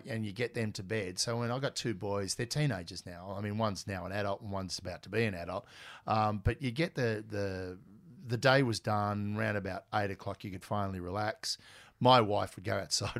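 Australian man, 40s, low gravelly voice, bright edge, lively raconteur. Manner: animated, acts out quoted voices. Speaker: guest. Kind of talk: casual storytelling.

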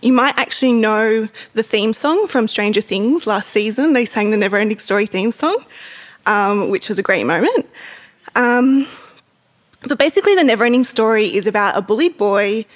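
A woman's voice: on the high side, expressive, moderate pace. A woman, an author, chatting casually about books in a giggly way with lots of fillers. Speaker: author and book vlogger. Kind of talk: casual book chat and reading aloud.

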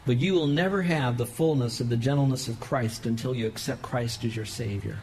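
A male pastor preaching a sermon in church, emphatic, with sudden swells of pitch and volume. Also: fairly quick, a little mellow, a little hiss or hum, poor audio. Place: church sanctuary.

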